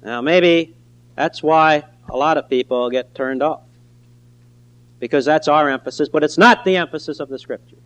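A man preaching a sermon in an earnest, emphatic way, slowing down on key phrases. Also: fairly high pitch, poor audio.

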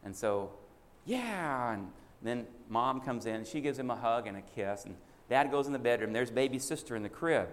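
A man's voice: mid-range voice, a little fast, hardly any pauses. A man preaching a sermon as a folksy story. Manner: folksy, acts out child and father voices in a story. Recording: echoey hall with faint hiss.

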